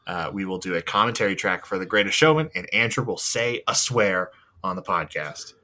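A man's voice: deep voice, brisk, pushed and bright. A man co-hosting a podcast in casual chat, rambling with many fillers and the odd swear. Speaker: podcast co-host.

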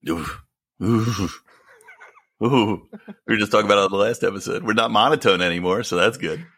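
A man's voice: lowish voice, very fast, pushed and bright. A man co-hosting a casual podcast, joking and making sarcastic asides. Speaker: podcast co-host.

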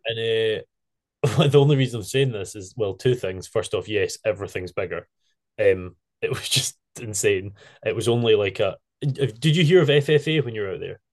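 A man hosting a casual podcast, telling stories in an animated way and laughing a lot. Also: on the low side, moderate pace. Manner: animated storyteller, laughs a lot, loose phrasing. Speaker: podcast host. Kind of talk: casual chat.

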